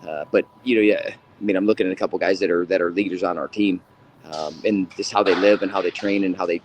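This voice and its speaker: A man's voice: low voice, steady tone, fast talker, noisy background. A man who coaches college wrestling, answering interview questions in a laid-back, joking way. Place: room at a wrestling facility.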